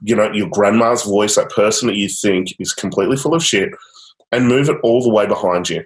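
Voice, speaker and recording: Man, low voice, guided coaching, upbeat encouraging, echoey room. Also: fairly quick. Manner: upbeat, repeats encouragement, casual fillers. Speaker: change coach. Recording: roomy echo.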